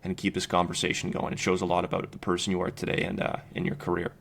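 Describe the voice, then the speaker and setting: A young man hosts a podcast with a fairly low voice. He asks friendly questions in a halting style, leaning on many fillers as he goes. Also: completely flat delivery, gravelly, fairly bright tone, husky. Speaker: podcast host. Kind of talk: casual interview.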